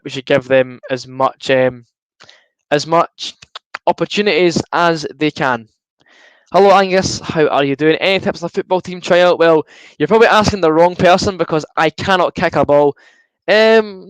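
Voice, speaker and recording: A man's voice: a little high, clean tone, dry recording, poor audio. Young man chatting over a match. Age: young adult. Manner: chatty, reads out viewer comments, bursts into excited shouts at goals. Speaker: fan streamer hosting a live watchalong. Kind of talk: casual live commentary and chat.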